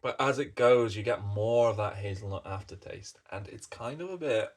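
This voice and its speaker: A man's voice: fairly low pitch, moderate pace. A British man chatting casually as a coffee reviewer, rambling along and swearing in passing. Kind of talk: casual chat.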